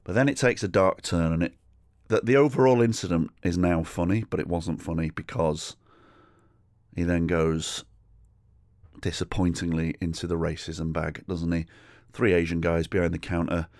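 Man, English accent, very low voice, sweary comic storyteller, podcast host. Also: normal speed, dry recording, studio quality. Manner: sweary, conversational, animated storyteller. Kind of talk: solo comedic storytelling.

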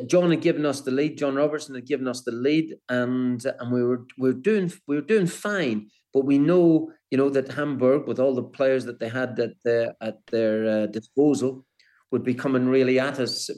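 A man's voice: mid-range voice, normal speed, darkish tone. An older man, a former footballer, recalling his playing days in an interview, often restarting and repeating words. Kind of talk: interview, storytelling.

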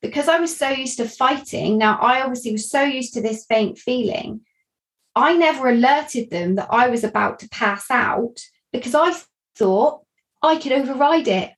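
A woman speaks in a fairly high voice. She talks candidly and earnestly about her own experience, reflecting as she goes and sometimes restarting a phrase. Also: normal speed, low-quality recording. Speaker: guest sharing a personal story. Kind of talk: candid personal storytelling.

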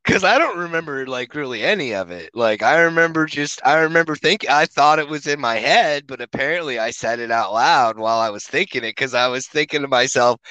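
Man, rambling profane storyteller, smooth resonant voice, dry close sound, casual podcast chat. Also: medium pitch, fairly quick, few pauses, sharp tone, dry recording, low-quality recording.

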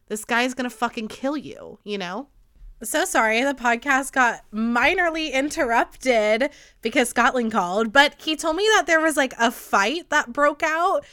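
A woman in her late twenties hosts her podcast with a stuffy, nasal cold in her voice. She talks in a bright, crisp, slightly high voice. She wanders from topic to topic in gossipy, profane casual chat. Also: normal speed. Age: late 20s. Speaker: podcast host.

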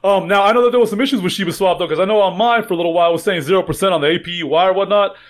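Fast, high-voiced swearing podcast host. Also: male voice. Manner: profane, rambling, joking. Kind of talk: casual podcast chat.

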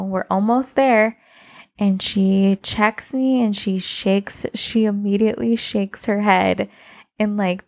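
A young woman casually telling a personal story, animated and laughing often, acting out what people said. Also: medium pitch. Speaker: podcast co-host telling her birth story.

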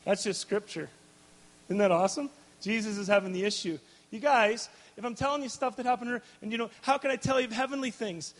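A man with a high voice preaches a storytelling sermon to a live crowd. He speaks in an animated way, laughs often and breaks off to restart his sentences. The sound rings with the long reverb of a large hall. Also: quick pace.

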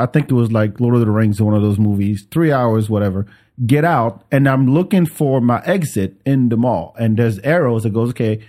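A man from France, a podcast host telling a story in casual chat and acting out the people in it. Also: mid-range voice. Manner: animated, acts out voices in his stories.

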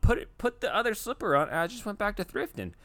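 A laid-back man co-hosting a casual podcast, spinning a long comic anecdote. His pitch swings widely as he talks, and the sound is dry and close. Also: lively intonation, fast, a bit bright, no room sound. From United States. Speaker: podcast co-host.

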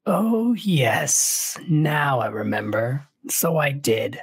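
A cruel nobleman villain, read out by a man, with slow, gloating lines drawn out for effect. The voice sits in an ordinary middle pitch, told as part of a spoken storybook reading. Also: big pitch swings, slightly rough, no room sound, heavily acted.

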